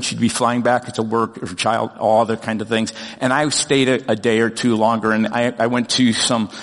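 A middle-aged man preaching a sermon, telling a personal story in an earnest, animated way with frequent restarts. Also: mid-range voice, in a large hall. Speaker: pastor.

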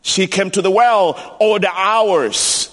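A man preaching a sermon in a church, animated and emphatic, repeating key lines for weight. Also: sits high, takes it slowly. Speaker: pastor. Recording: long reverb of a large hall.

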